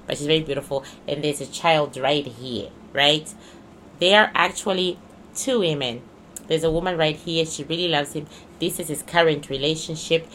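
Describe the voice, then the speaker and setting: Low-voiced, sharp-toned woman giving a reading. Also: slight background noise. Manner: emphatic and repetitive, restating points. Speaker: psychic reader. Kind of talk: casual spoken card reading.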